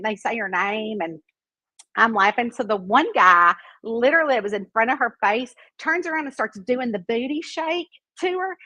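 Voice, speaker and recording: A middle-aged woman tells a story in a casual, animated way. Her voice is bright and fairly high, and it climbs even higher when she gets excited. The sound is dry and close. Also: no echo. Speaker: mystery author answering reader questions.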